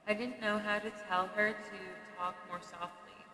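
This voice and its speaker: A woman reading a memoir aloud at a steady pace, sometimes stumbling and restarting a phrase. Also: medium pitch, unhurried, faint music behind. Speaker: reader. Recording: echoey room with long reverb and faint noise.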